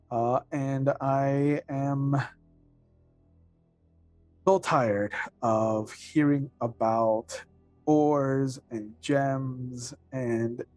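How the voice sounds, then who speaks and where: A man voicing a tired noblewoman, a lord's sister with children of her own, in a slow, hesitant way. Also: medium pitch, darkish tone, no echo.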